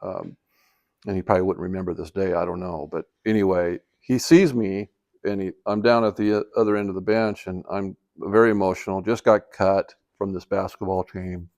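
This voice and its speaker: Older man, gravelly, low voice, rambling casual storytelling, lots of fillers. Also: fairly even intonation, normal speed, darkish tone. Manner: rambling, with many fillers and restarts. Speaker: vlogger telling life stories.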